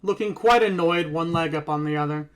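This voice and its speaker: A man's voice: on the high side, fairly quick, smooth. A man narrating as game master in a tabletop role-playing game, casual, laughing often and swearing freely.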